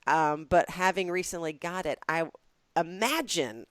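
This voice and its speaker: A woman's voice: fairly low pitch, lively intonation, unhurried, no room sound. Southern woman podcast co-host, dry playful wit, close dry mic. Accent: Southern American. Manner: dry, playful teasing with comic build-ups. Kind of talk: casual comedic chat. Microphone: podcast microphone.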